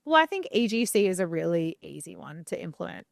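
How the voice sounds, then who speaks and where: A young woman co-hosts a casual podcast from a home studio, talking in a lower register. She gives advice in a chatty, opinionated way. The sound is close and dry, with little room echo. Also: big pitch swings, a little fast, creaky. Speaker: podcast co-host.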